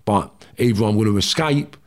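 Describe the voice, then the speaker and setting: A low-voiced middle-aged man tells his story in a blunt, slangy way. He swears freely and acts out the back-and-forth as he goes. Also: moderate pace. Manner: blunt, heavy swearing, slangy, animated retelling. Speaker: guest telling his life story. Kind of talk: casual storytelling.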